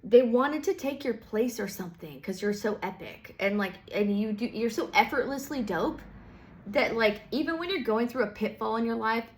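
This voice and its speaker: A woman's voice: a little high, lively intonation, moderate pace. A woman giving a casual tarot reading, rambling with many fillers, swearing freely and slipping into playful quoted voices. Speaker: tarot reader.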